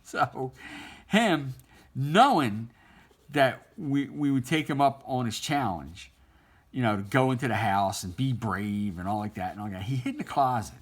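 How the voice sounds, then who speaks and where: A man's voice: mid-range voice, animated, measured pace. A middle-aged man casually telling a childhood story while he draws, rambling and laughing often. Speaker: artist drawing on stream.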